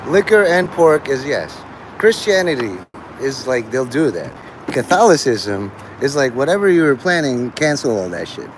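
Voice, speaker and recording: A man's voice: mid-range voice, big pitch swings, normal speed, background noise. A man hosting a livestream, talking to his chat in a crude, rambling way and laughing at his own jokes. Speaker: livestream host.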